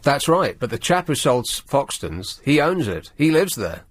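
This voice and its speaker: A male radio host, talking in a sardonic, rambling, halting way in the studio. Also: mid-range voice, very animated, no echo. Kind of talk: late-night talk radio monologue.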